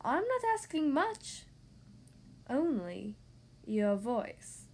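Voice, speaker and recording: A woman voicing a scheming, evil female sea witch in a storybook reading, drawn-out and gloating. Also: sits high, very animated, darkish tone, full character voice.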